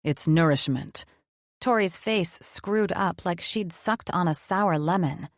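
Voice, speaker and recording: A woman narrates an audiobook in an even, measured way. Her voice sits on the low side, and the studio recording is dry and close. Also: no room sound.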